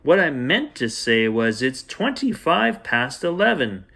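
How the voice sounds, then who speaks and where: A man's voice: medium pitch, very animated, unhurried, creaky, a bit bright, heavily acted. A man voicing a rude, snooty, puffed-up little man with a curt, snappish manner in a storybook. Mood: sheepish.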